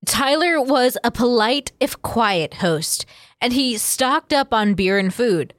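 Woman co-host, dry and teasing, a bit high, dry close sound. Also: animated, slow pace, no room sound. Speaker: podcast co-host. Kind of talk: casual comedy chat, reading aloud.

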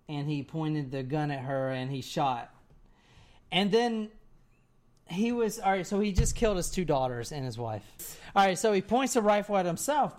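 A person telling a story to friends in a casual, rambling way, with many "like"s and "right?"s. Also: medium pitch.

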